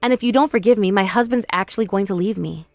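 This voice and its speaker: A woman's voice: medium pitch, fast talker, no echo, faint music behind, close to an everyday voice. A woman voicing a remorseful young sister-in-law who pleads and whines for forgiveness. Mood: pleading. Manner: pleading, whiny, self-pitying.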